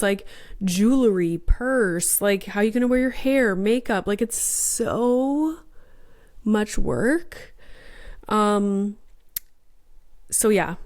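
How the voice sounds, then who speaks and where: Chatty woman in her thirties, host of a mom podcast; bubbly, smooth clear voice, a little stuffy from a sinus infection. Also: mid-range voice, darkish tone. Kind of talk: casual chat.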